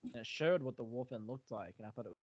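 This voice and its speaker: A man's voice: medium pitch, animated, fast talker, a little mellow, no echo. A man co-hosting a casual book review podcast, enthusiastic and profane, laughing often. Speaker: podcast co-host. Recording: dry, dull lo-fi audio.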